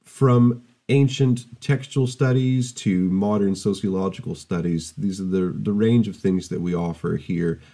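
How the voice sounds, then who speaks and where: A man, a university lecturer, giving a recorded open day presentation in a thoughtful, measured way with frequent fillers and restarts. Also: low-pitched, fairly even intonation, warm tone.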